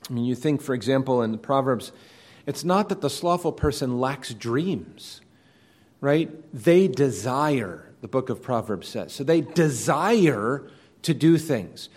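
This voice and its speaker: A man preaching an expository sermon in an earnest, measured way, often restarting his phrases. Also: medium pitch, expressive, darkish tone, breathy edge.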